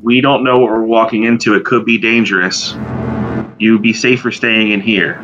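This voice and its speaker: Protective space trucker, low and gentle, played by a man; dull lo-fi sound with background music. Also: steady tone, normal speed, lightly acted. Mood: soothing. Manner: gentle, reassuring.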